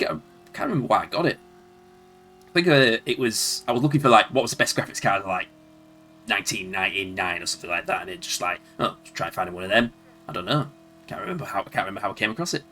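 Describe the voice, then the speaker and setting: A man's voice: lowish voice, sing-song, quick pace, pushed and bright. A man from Leeds with a Yorkshire accent, rambling and chuckling to himself as he plays and streams old games. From Leeds, England. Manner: rambling, chuckling, talks to himself while playing. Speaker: game streamer. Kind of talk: casual live-stream commentary.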